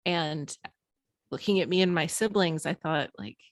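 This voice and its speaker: A woman's voice: low voice, a little slow, dry recording, studio quality. A woman in her thirties, speaking as an author and podcast guest, who talks frankly and with self-deprecating humor, often laughing between phrases. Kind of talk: candid conversational interview.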